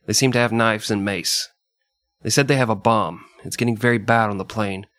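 A man's voice: lowish voice, fairly even intonation, brisk, a bit bright, no room sound. A man hosting a casual podcast, reading historical passages aloud and laughing often between them. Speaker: podcast host.

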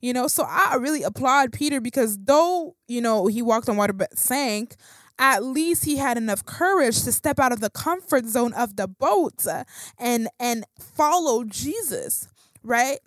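Woman, casual Bible talk, slangy, filler-heavy, higher voice, dry close sound. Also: expressive, measured pace, no room sound. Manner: conversational, slangy, many fillers and restarts. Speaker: Bible teacher.

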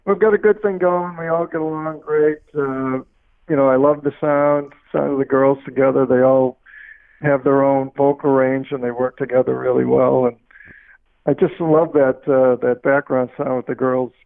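An older man with a Boston accent, a musician guest in a radio interview, easygoing and laughing often, with halting restarts. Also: medium pitch, fairly even intonation, creaky. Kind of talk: casual interview chat. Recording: tinny phone line.

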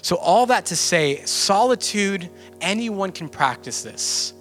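Bright-voiced man teaching a sermon. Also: high-pitched, animated, slow pace, faint music behind. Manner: earnest, conversational, says "man" often. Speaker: pastor teaching a church group.

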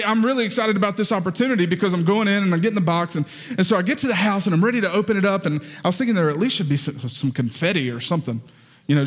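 A man's voice: high voice, big-room sound. A man with a Southern accent preaching a sermon as pastor, telling stories with playful asides. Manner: lively storytelling with playful asides.

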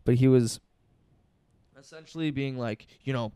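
Young guy chatting, swears a lot, acts out quotes, normal pitch, dry close mic. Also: normal speed, pauses often, smooth, no echo. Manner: swearing, animated storytelling with quoted asides. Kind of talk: casual podcast chat.

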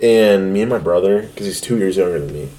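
A man's voice: low-pitched, fairly quick, dark tone. A man co-hosting a podcast, telling a childhood story in casual chat and laughing through it. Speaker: podcast co-host.

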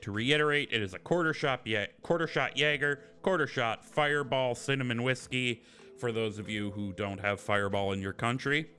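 A man's voice: mid-range voice, pushed and bright. A man hosting a casual podcast chat, swearing freely as he explains and takes a flaming shot. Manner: swearing, explaining a drink recipe. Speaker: podcast host.

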